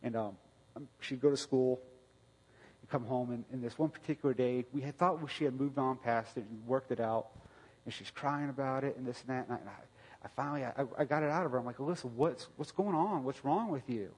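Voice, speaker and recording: A middle-aged man preaching a conversational sermon, telling a family story with restarts and sudden loud bursts. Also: medium pitch, fairly even intonation, brisk. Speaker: pastor. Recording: long reverb of a hall.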